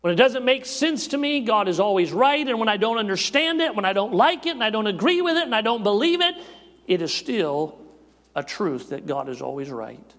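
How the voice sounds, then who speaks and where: A man preaching a sermon in rhythmic, repeating phrases, rising to shouts and dropping to hushed tones. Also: big pitch swings, fairly quick. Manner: rhythmic repetition, swinging between shouted peaks and hushed lows. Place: church sanctuary. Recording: long reverb of a church hall.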